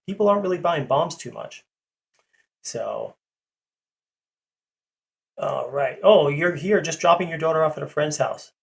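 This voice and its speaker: A man with a gravelly voice, pitched a little high, hosts a casual livestream. He rambles with lots of ums and uhs while greeting viewers and answering chat. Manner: rambling, full of fillers, greets and reads chat. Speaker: livestream host.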